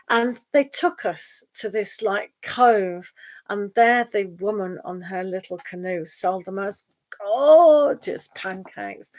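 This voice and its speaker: A middle-aged woman, chatting casually and rambling as she reads tarot on a live stream. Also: medium pitch. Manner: chatty and rambling, with frequent laughs. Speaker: tarot reader.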